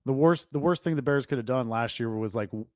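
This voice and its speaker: A man on a sports podcast panel, chatty and wry, often pausing on fillers. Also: mid-range voice, darkish tone, dry recording, clean studio sound. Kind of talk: casual sports chat.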